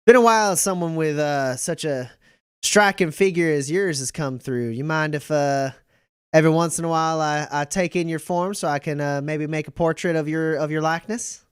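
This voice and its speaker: A man's voice: on the high side, moderate pace, clean tone, dry recording, clean studio sound, lightly acted. A man voicing a flirtatious middle-aged woman who runs a pub, speaking in a coy, teasing drawl. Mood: flirty.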